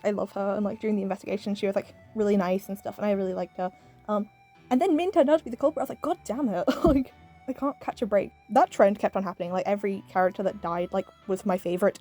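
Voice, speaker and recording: A woman's voice: mid-range voice, warm tone. A British woman giving a casual, rambling video review, full of "like" and "um" and frequent little laughs. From Britain. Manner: rambling, peppered with "like" and "um", laughs often.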